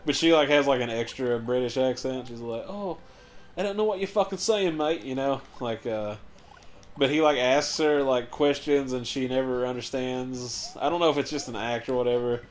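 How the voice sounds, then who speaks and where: A man's voice: medium pitch, steady tone, normal speed, slight background noise. A young man co-hosting a let's play, chatting casually, rambling and swearing, laughing as he tells stories. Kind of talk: casual gaming chat.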